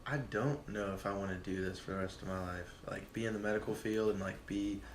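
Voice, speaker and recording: A man in his twenties, a podcast guest, telling a casual story in a profane, animated way and acting out what people said. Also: lowish voice, fairly quick, very noisy. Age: 20s. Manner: profane, animated, acts out quotes. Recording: echoey room.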